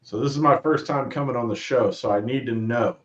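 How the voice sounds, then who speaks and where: A man's voice: medium pitch, fairly quick, fairly bright tone. A man appearing as a guest on a casual sports talk stream, easygoing and thinking aloud. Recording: roomy, dull remote audio.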